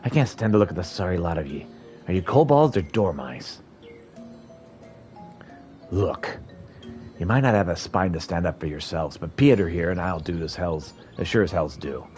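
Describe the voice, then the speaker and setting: A man's voice: sits low, animated, normal speed, pauses often, darkish tone, faint music behind. A man voicing a brash, blunt warrior woman in a game, scolding in folksy slang. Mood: scornful.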